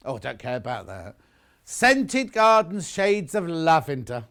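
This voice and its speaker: A man hosting a live shopping channel, talking in a lively, bantering way. His voice sits a little high for a man and swings widely up and down as he jokes with the crew. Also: measured pace. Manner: chatty, bantering, chuckling asides.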